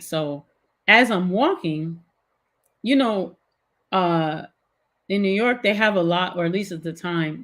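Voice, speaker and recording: Middle-aged woman telling a story animatedly. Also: lowish voice. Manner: animated, filler-heavy retelling. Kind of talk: casual storytelling.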